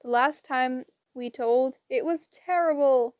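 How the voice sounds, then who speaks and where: Shrill squabbling old hag sisters, as a woman puts them on. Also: takes it slowly, darkish tone, dry recording. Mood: shrill bickering. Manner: shrill, screeching and bickering. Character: three squabbling ancient blind hag sisters.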